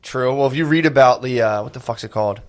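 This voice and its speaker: Fast-talking man reacting on a podcast. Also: medium pitch. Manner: quick reactions, rambling asides. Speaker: podcast co-host. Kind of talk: casual comedy podcast chat.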